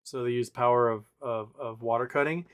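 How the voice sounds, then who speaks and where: Guy rambling on his livestream, lots of um and like, restarts all the time, reads chat out loud. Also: mid-range voice, steady tone, brisk, clean tone. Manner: rambling, many fillers and restarts; reads viewer chat aloud. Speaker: livestream host.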